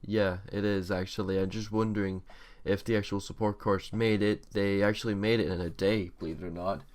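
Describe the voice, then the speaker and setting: A man's voice: lowish voice, steady tone, a little fast, darkish tone, natural voice. A man voicing a flustered teenage hero student. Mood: sheepish.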